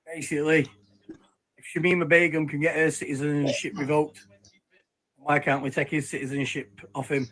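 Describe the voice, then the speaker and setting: A man's voice: a little high, flat delivery, moderate pace, fairly bright tone, poor audio. A man delivering an indignant political rant to his viewers. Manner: indignant, ranting. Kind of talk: ranting opinion video.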